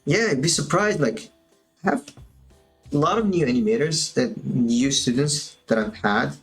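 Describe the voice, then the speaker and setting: A man's voice: mid-range voice, moderate pace, faint music behind. A man teaching animation on a livestream, chatting casually and talking to himself as he works. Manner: casual, chatty, talks to himself while working. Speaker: animation instructor. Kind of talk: livestream tutorial commentary.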